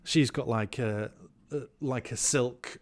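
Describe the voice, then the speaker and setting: A man's voice: mid-range voice, slow. A man recapping a film in a rambling, hesitant way, full of ums and crude jokes. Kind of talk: casual film chat.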